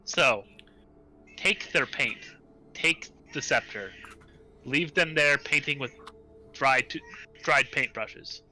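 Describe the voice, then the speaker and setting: A man's voice: medium pitch, slow pace, pauses often, sharp tone, faint music behind, rough recording. A man playing a tabletop game who chats casually and offers playful, giggly suggestions.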